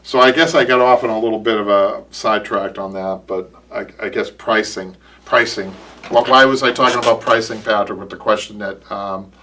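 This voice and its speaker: Far from the mic, an upholstery shop owner with a Boston accent hosts his live show in a low-leaning, steady voice at normal speed. His tone is bright and forceful, and his casual chat rambles with repeated words and restarts.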